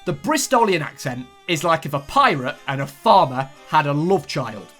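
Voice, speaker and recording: A man's voice: on the high side, sing-song, normal speed, fairly bright tone, soft background music. A man from England narrating a comedic voice-over with sarcastic asides and mock accents.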